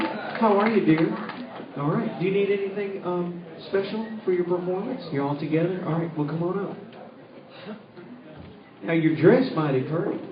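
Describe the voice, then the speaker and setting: A man hosts a live stage show and gives folksy, drawling introductions in a slightly high voice. The sound is dull and echoey, taken from far off. Clear clicking noise runs behind him. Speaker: host.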